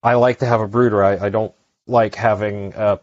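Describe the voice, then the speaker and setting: A man's voice: on the low side, flat delivery, normal speed, a little mellow, dry recording. A man hosting a podcast, chatting casually and rambling with lots of fillers and restarts. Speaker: podcast host. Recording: dry, dull lo-fi sound.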